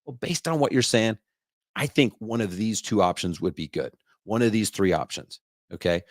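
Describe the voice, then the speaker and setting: A man hosting a podcast, delivering an energetic, repetitive sales rant in a coaching tone. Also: fairly low pitch, normal speed, dry recording, studio quality. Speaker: podcast host.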